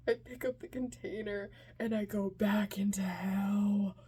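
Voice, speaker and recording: A woman's voice: mid-range voice, level tone, normal speed, hardly any pauses, darkish tone, a little hiss or hum. A woman telling a comic personal story in an anxious, self-mocking way, often dropping into whispered asides.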